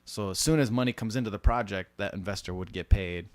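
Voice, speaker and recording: A man's voice: lowish voice, fast, darkish tone, dry recording. A man casually telling film-business stories, slipping into mimicked voices for the people he quotes. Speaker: podcast co-host.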